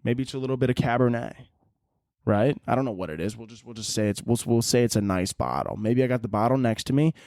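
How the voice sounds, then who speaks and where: A man hosting a solo podcast, rambling through a crude, profane comedic monologue with animated swings in his delivery. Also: mid-range voice, fast, dry recording, clean studio sound. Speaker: podcast host.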